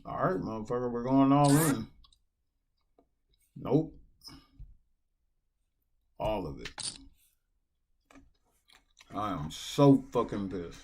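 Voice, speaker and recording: A man's voice: mid-range voice, expressive, takes it slowly, pauses often, darkish tone, a little hiss or hum. A man streaming online poker, talking casually and venting with a lot of swearing. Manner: profane, venting. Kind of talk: casual live-stream commentary while playing. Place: at a computer, indoors.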